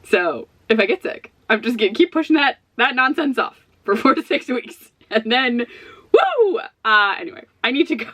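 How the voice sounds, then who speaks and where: A woman's voice: on the high side, animated, fairly quick, hardly any pauses, bright, forceful tone. A woman chatting casually in a book vlog from her home office, stressed, rambling and self-deprecating, with little laughs between phrases. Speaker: book vlogger.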